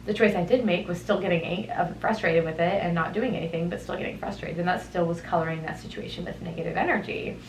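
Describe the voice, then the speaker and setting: A young woman hosts her own podcast and thinks aloud in an unhurried, reflective way, drifting into tangents now and then. Her voice sits a little low for a woman. The room rings around her, and a faint hiss stays under everything. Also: roomy sound, poor audio. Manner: thoughtful, meandering, with tangents and soft laughs. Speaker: podcast host. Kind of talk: reflective solo podcast talk. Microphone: headphones on, studio-style mic.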